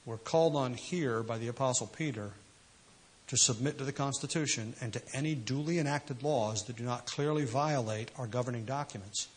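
A man's voice: mid-range voice, brisk, husky. A man preaching a sermon, emphatic and full of rhetorical questions. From United States. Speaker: pastor.

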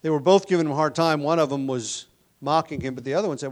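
A man preaching a sermon. He often drops to a soft, hushed voice and then rises to loud, emphatic lines, and he sometimes restarts or repeats words while he explains. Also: on the high side, fast. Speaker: pastor.

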